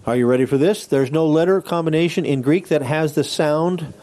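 A man's voice: fairly high pitch, fairly quick, warm tone. A man teaching a class, explaining patiently, restarting phrases and checking in with his listeners. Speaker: Bible Greek teacher. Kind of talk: classroom lecture.

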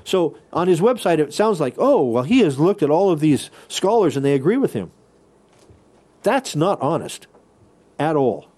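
A man's voice: a little high, warm tone. A man teaching a Bible lesson on a podcast, reading quoted passages aloud and explaining Greek words step by step.

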